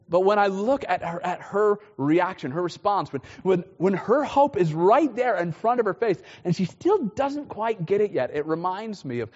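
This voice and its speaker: A fairly high-voiced man preaches a conversational sermon, often stumbling and repeating words as he restarts. The sound is muffled, and his voice carries a long reverb from a church hall. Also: darkish tone. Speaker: pastor.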